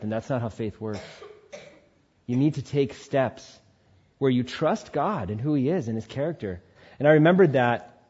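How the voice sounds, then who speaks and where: A man giving a spoken testimony in a sermon style, telling his story in an animated way and acting out the voices in it. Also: medium pitch, moderate pace, slightly rough, lo-fi sound. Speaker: speaker sharing testimony.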